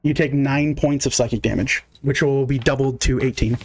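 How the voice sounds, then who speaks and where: A man's voice: mid-range voice, steady tone, moderate pace, breathy edge. A man narrating as game master in a casual, filler-heavy way, counting moves aloud.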